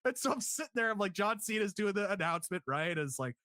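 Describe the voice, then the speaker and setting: A man co-hosting a casual podcast review, laughing often and acting out quotes in higher voices. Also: sing-song, fast, pushed and bright, no room sound, studio quality. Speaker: podcast co-host.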